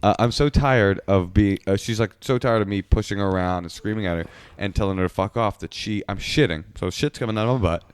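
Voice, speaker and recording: A man with a fairly low voice rambles through a comic story on a podcast, laughing as he goes. The sound is close and dry, with no room around him. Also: fast, hardly any pauses, clear, resonant tone, no room sound. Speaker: podcast co-host. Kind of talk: casual comedic storytelling.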